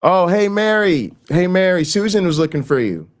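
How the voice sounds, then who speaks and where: A man's voice: high voice, very animated, normal speed, voice pushed up. A man acting out a friendly bystander who coaxes someone away by repeating invitations. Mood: coaxing. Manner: upbeat, coaxing, repeating himself.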